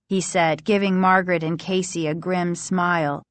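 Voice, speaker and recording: A woman reading a spooky children's story aloud, in slow, expressive narration. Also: on the low side, dry recording. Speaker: audiobook reader.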